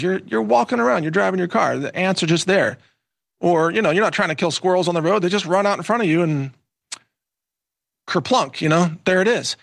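A man's voice: fairly high pitch, creaky, fairly bright tone, no echo. Emphatic man rambling to viewers, dry sound. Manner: rambling, emphatic, calls listeners "folks". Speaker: guest commentator. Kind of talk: casual monologue to viewers.

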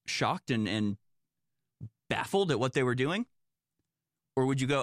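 A man's voice: mid-range voice, expressive, unhurried, pauses often, no room sound, clean studio sound. A man commenting on the news, reading reports aloud and reacting in a sarcastic, exasperated, rambling way. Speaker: political commentator.

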